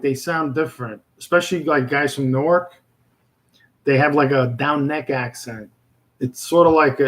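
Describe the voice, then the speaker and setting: A man's voice: medium pitch, poor audio. A man with a Brooklyn accent chatting casually and rambling with viewers on a livestream, full of fillers and restarts. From New York. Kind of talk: casual live chat.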